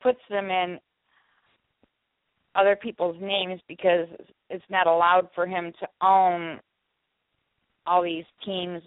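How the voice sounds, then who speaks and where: A woman co-hosting an internet radio talk show, from the St. Louis area, reading announcements briskly and chatting casually. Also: fairly low pitch, level tone, dry recording. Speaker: show co-host. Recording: tinny phone-line audio.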